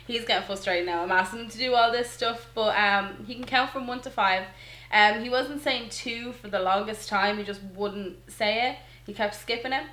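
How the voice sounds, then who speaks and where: A young woman, chatting casually to camera about her toddler, relaxed and full of ums and likes. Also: mid-range voice, normal speed. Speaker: mother vlogger. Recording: echoey room.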